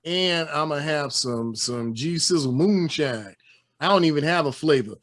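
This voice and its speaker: Sports talk host, male, Northwest Indiana accent, slightly higher voice, animated and joking. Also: a little slow. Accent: American, Northwest Indiana. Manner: animated, joking, preacher-like flourishes. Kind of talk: casual sports podcast banter.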